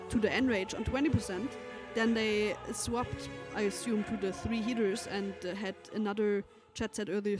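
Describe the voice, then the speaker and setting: A man giving casual livestream commentary, chatting with his co-host and trading questions. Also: high voice. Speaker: esports co-commentator.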